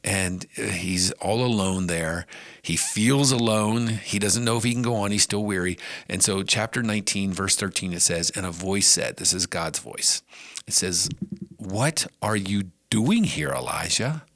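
A man's voice: low-pitched, steady tone, moderate pace, fairly bright tone, no echo, clean studio sound. A middle-aged man hosting a podcast, giving an earnest, conversational devotional talk with emphatic rises. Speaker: podcast host and preacher.

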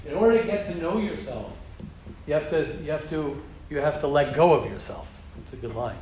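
A middle-aged American man giving an informal religious lecture to a group in a study hall, animated and repetitive, acting out quoted speech. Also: a little high, fairly quick. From United States. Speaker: Torah class teacher. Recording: roomy hall, faint ambient noise.

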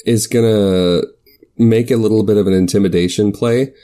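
A man's voice: lowish voice, steady tone, moderate pace, warm tone. A man playing a tabletop game who chats casually and describes what his character does. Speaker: player.

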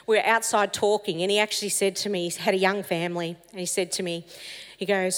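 An animated woman preacher tells personal stories and parables with lively expression. Her voice sits at an ordinary pitch. A long reverb trails each phrase, as in a church hall. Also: quick pace. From Italian heritage. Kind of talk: storytelling sermon.

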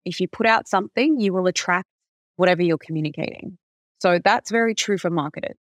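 Brief: woman business founder as podcast guest, lively storyteller, dry close sound. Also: on the low side, brisk, dry recording. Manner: animated storyteller, heavy use of "like". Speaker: recruitment company founder, guest. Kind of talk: conversational podcast interview.

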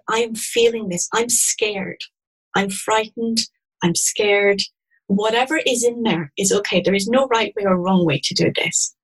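A woman explaining a tapping technique step by step, in a gentle and calm manner. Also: mid-range voice, breathy edge, rough recording. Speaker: EFT practitioner guest. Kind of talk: guided instruction in an interview.

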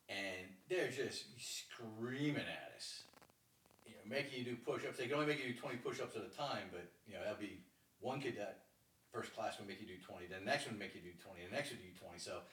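A middle-aged man from Maryland, a lacrosse coach, telling a story in a casual, animated way and acting out the voices of people in it. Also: on the low side, brisk, recorded from a distance. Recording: roomy sound from off the mic.

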